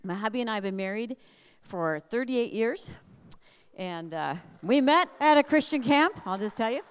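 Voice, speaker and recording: An older woman from Minnesota giving a humorous storytelling talk at a family camp, lively and animated. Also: fairly high pitch, moderate pace, clear, resonant tone. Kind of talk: storytelling sermon. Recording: long hall reverb.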